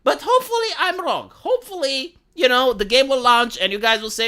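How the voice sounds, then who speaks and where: A woman with a Montreal accent ranting profanely to her live-stream audience. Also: high voice. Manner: profane, exasperated, fast and animated. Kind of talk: casual live-stream rant.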